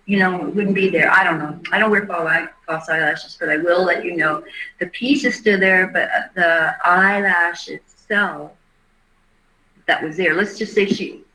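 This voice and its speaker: A middle-aged woman hosting a livestream, giving a halting, earnest case commentary. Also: fairly low pitch, bright, forceful tone. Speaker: livestream host. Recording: roomy echo.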